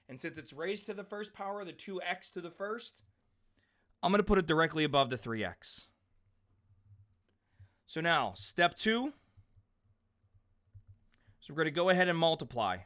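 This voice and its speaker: A man in his forties runs a math lesson in a bright, forceful voice that sits a little high for a man. He talks in a chatty, animated way, calls on students by name, and breaks off into side stories. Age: 40s. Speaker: math teacher. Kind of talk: live class lecture with side stories.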